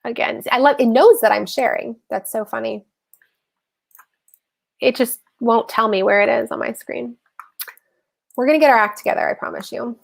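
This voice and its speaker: A woman's voice: fairly high pitch, moderate pace, vocal fry, pauses often. A woman hosting a casual livestream explainer on personal finance, chatty and self-correcting, often addressing her viewers as y'all. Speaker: host of a live personal-finance session.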